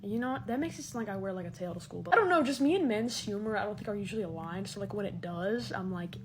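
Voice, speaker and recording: A woman's voice: medium pitch, lively intonation, fast, a little hiss or hum. A young adult woman delivering rambling, exasperated comedic rants straight to camera, full of "like" and restarts. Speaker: comedy video creator.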